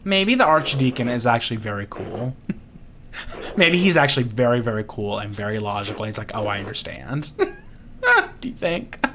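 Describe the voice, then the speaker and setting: A man's voice: mid-range voice, wildly swooping pitch, moderate pace, pauses often, sharp tone, slight background noise. A man playing a story game and joking through it in casual, profane, giggly commentary. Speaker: game streamer. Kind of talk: casual let's-play commentary.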